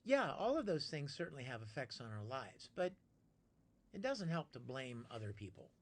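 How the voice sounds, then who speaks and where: A man's voice: mid-range voice, very animated, moderate pace. A man hosting a casual live stream, chatty and friendly, answering viewers by name and plugging his projects. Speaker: live streamer reading chat.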